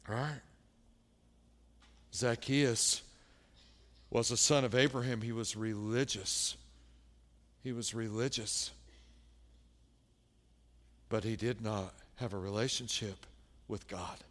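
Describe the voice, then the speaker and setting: A male pastor preaching a sermon, moving from hushed, low passages to loud, impassioned stretches full of rhetorical questions to the congregation. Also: fairly even intonation, slow, long pauses, in a large hall.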